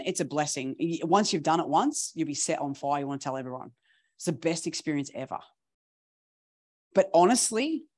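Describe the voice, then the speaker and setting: A woman preaching, telling stories in a chatty, animated way with laughing asides. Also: lowish voice. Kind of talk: storytelling sermon.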